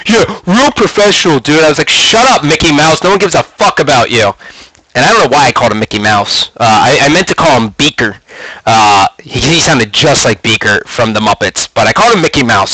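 A man's voice: mid-range voice, no echo, poor audio. A young man hosting his own show, telling a long casual story with lots of swearing and acted-out quotes. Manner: profane, animated storyteller, acts out quoted lines. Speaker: podcast host.

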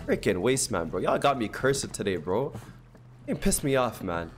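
A man's voice: mid-range voice, big pitch swings, moderate pace, slight background noise. Exasperated young man ranting over gameplay. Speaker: gaming streamer. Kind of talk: live gameplay commentary. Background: game music and sounds.

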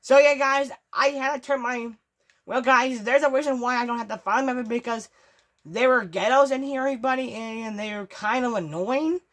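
A woman's voice: a little high, normal speed. A woman hosting a gaming channel, talking casually over gameplay, stammering and repeating herself, swearing and easily riled. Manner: stammering, repetitive, profane, excitable.

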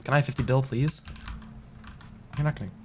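A man's voice: medium pitch, a little fast, slight background noise. A young man live-streaming a video game, talking to chat in a slangy way and repeating himself when frustrated.

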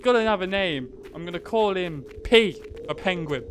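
A man giving casual, joking gameplay commentary, excitable and swearing freely. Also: high-pitched, moderate pace, a little hiss or hum. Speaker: gaming youtuber.

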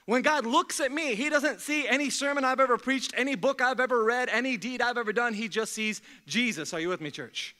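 Young male pastor, high bright voice, energetic sermon with humor. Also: brisk, few pauses. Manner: energetic call-and-response preaching with jokes. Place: church sanctuary.

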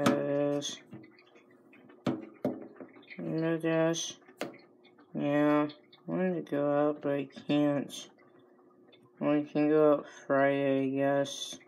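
Low, flat-voiced woman playing pretend. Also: creaky, slight background noise, poor audio. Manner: answers herself back and forth, mock-indignant. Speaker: vlogger. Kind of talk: playful pretend dialogue.

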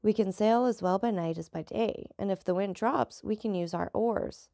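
A woman voicing a calm, seasoned male boat captain who patiently explains things. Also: medium pitch, moderate pace, gravelly, no echo, studio quality, close to an everyday voice.

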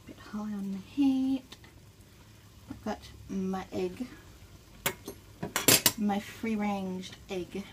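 A woman's voice: medium pitch, very slow, long pauses. A woman hosting a casual cooking vlog, chatting through each step as she makes ramen. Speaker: mukbang host. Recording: loud kitchen noise behind her. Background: cooking, cutlery and pan sounds.

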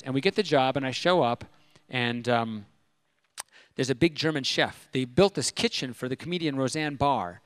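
A middle-aged man telling a personal story at a convention, animated and self-deprecating. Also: mid-range voice, normal speed, no room sound. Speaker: speaker at a religious convention.

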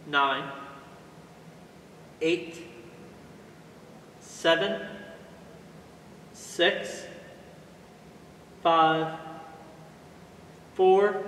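A calm, measured man on a ghost-hunting vlog, talking to an unseen spirit and counting down slowly in a fairly high voice. He is caught from a little way off in an echoey empty office at night, and the reverb hangs after each line. A faint hiss sits underneath. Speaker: paranormal investigator. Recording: echoey room, mic some distance off, faint noise.

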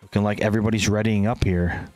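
A man's voice: fairly low pitch, steady tone, fast talker, darkish tone, soft background music. A man casting an esports match live with playful play-by-play, inventing silly words and chatting with viewers between plays. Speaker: esports caster.

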